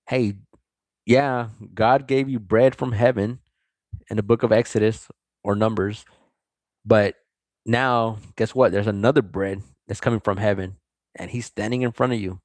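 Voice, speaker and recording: A man with a fairly low voice reads scripture aloud at a slow, careful pace, then breaks into relaxed commentary. His talk is loose and casual, full of "like" and quick restarts. The sound is dry and close, with no room echo. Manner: reads verses slowly, then chats loosely with many likes and restarts. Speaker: Bible study vlogger. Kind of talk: casual Bible reading with commentary.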